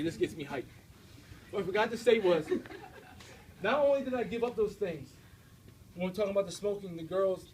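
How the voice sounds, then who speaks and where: A young American man giving an energetic, direct faith talk to a student audience, often checking in with his listeners. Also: sits high, slight background noise, poor audio. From United States. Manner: energetic, direct, preachy, with frequent checks like "all right?". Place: university room before an audience.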